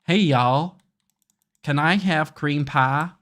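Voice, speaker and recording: A man doing a cheery Southern American guy with a broad mock drawl, louder and higher than his normal voice, greeting everyone with boisterous, over-the-top friendliness. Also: slow pace. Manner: exaggerated, boisterous caricature.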